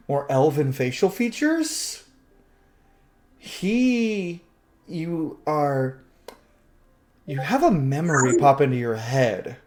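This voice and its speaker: A man's voice: medium pitch, darkish tone. Chatty game master man on a call. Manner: chatty, laughs easily, restarts sentences while describing. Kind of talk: narrating a tabletop game. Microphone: online call microphone.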